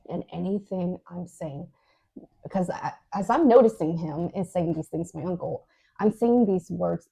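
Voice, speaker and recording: A woman's voice: lowish voice, creaky, mellow, husky. A woman co-hosting a podcast, recounting a dream in a chatty, casual way with lots of fillers. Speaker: podcast co-host. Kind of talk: casual storytelling.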